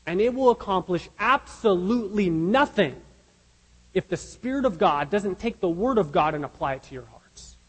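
A pastor with a high male voice delivers a sermon in a reverberant hall. He preaches earnestly and emphatically, posing rhetorical questions.

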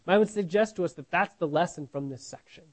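Man preaching, high voice, earnest, questioning, repeats himself, sermon. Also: fast, poor audio. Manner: earnest, questioning, repeats words, asks "right?". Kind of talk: sermon, Bible teaching.

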